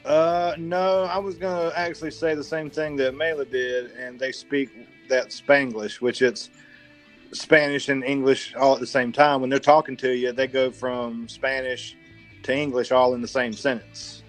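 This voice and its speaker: A man's voice: medium pitch, little pitch movement, moderate pace, faint music behind. A man co-hosting a podcast, dry and teasing, with plenty of cussing. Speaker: podcast co-host. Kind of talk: casual chat.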